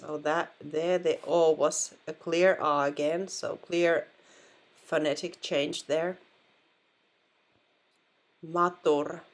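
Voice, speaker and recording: A woman's voice: sits low, steady tone, takes it slowly. A woman with a Finnish accent, patiently explaining pronunciation in a language lesson and repeating words to model them. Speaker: language teacher.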